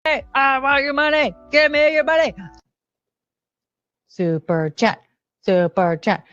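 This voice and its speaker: A woman's voice: sits high, very animated, takes it slowly, a bit bright, no room sound, muffled recording, pitched above the performer's own voice, full character voice. A woman putting on a pushy, greedy voice, chanting demands for money over and over.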